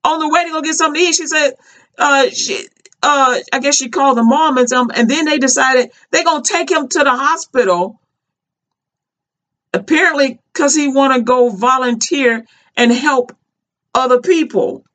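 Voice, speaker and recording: A woman's voice: sits high, normal speed, a bit bright. A woman commenting casually on a video, talking in an emphatic, repetitive, conversational way.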